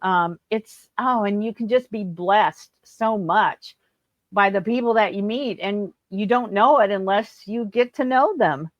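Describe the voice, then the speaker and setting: A woman's voice: medium pitch, unhurried, dry recording, highs cut off. A woman hosting a podcast speaks in a mid-range voice, reflective and encouraging. The recording is dry and close. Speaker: podcast host. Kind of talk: conversational interview.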